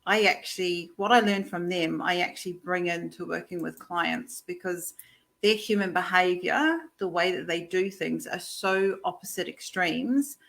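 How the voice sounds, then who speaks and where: A middle-aged woman with a New Zealand accent, a guest chatting openly and warmly on a video call. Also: fairly low pitch, fairly even intonation, normal speed, creaky. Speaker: guest, coach. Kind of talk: casual interview chat.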